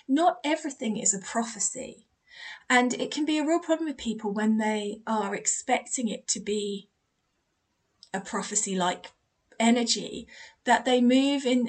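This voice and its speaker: A woman with a somewhat high voice hosts a spiritual advice podcast as a medium. She talks in a chatty, encouraging way and acts out the dialogue she quotes.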